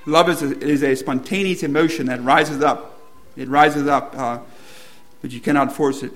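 A man's voice: fairly high pitch, fairly even intonation, moderate pace, fairly bright tone. A man preaching a sermon to a room, asking the congregation questions and building to emphatic repetition.

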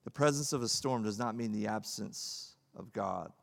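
A male pastor preaching a sermon, swinging from loud emphatic peaks to hushed, low lines. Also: moderate pace, gravelly. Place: church hall. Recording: long hall reverb.

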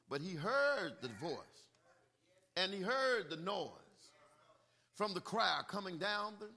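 A male preacher with a voice on the high side delivers a sermon, calling out for "amen" and swinging between quiet talk and shouted bursts.

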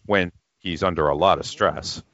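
A man's voice: deep voice, steady tone, moderate pace, fairly bright tone, muffled recording. A man co-hosting a casual movie commentary podcast, chatty and laughing often. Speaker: podcast co-host.

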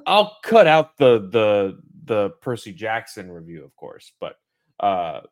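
A man's voice: fairly low pitch, very animated, slow. A man hosting a podcast in casual chat, rambling with lots of ums and uhs. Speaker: podcast host.

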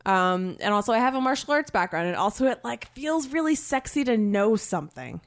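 A young woman actor talking in a casual chat, her voice set fairly high. She is animated and lively and swears freely. Her pitch leaps upward whenever she gets excited. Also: fairly quick.

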